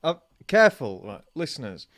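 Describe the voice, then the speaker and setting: A man's voice: on the high side, very animated, a bit bright. A young man co-hosting a casual podcast, teasing his friend and laughing often. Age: young adult. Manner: playful, teasing, quick to laugh. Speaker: podcast co-host. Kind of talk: casual chat.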